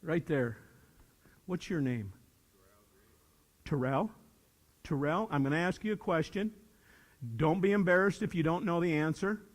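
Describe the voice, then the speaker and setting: An older man giving a live motivational talk to young people, animated and swinging between loud bursts and hushed asides. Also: a little high, unhurried, long pauses. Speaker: motivational speaker. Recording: reverberant hall.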